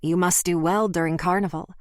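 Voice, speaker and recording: A woman's voice: on the low side, fairly even intonation, fairly quick, no room sound, natural voice. Woman reading as a wry off-duty detective. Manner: dry and wry. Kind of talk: audiobook character voice.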